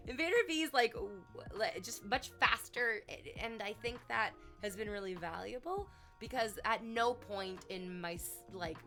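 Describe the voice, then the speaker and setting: A woman streamer with a bright, forceful voice, talking casually and animatedly to her chat. She drops into soft, reflective tones, then bursts out loud, swearing freely. Light music plays faintly behind her. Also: medium pitch.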